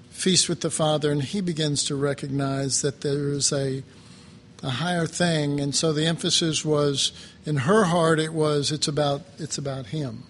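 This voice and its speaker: Slow, halting preacher man. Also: fairly high pitch, a bit bright, a little hiss or hum. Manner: slow, halting, reflective, with many pauses and fillers. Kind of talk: sermon.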